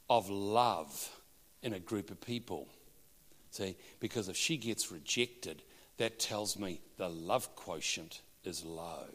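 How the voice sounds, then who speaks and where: A man preaching a sermon to a congregation, telling a story with lively acted-out voices. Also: on the high side. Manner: animated storytelling, acts out quoted voices. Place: large church hall. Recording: long hall reverb.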